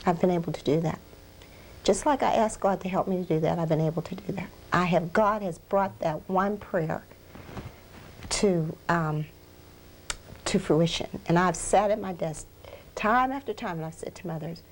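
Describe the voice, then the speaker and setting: A woman's voice: lowish voice, normal speed, slight background noise. A woman guest in an interview, telling a personal testimony with strong feeling and repeating phrases for emphasis. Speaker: interview guest, ministry founder.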